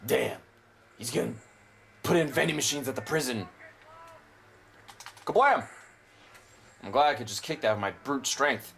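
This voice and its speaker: A man's voice: medium pitch, lively intonation, moderate pace, gravelly, long pauses, a bit bright, slight background noise. A young man casually commentating a video game, rambling and opinionated, with frequent swearing. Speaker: gameplay commentator. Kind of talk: casual let's play commentary.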